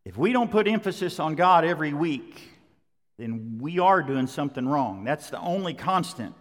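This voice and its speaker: This sermon comes from a middle-aged man with a fairly high voice, lively intonation, and a moderate pace. Speaking in a large church sanctuary captured with long hall reverb, he stays conversational yet emphatic, using repetition to land his points.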